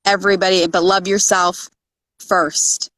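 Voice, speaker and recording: A woman's voice: medium pitch, little pitch movement, unhurried, noisy background. A woman co-hosting a casual podcast chat, talking in an earnest, reflective, advice-giving way. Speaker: podcast co-host.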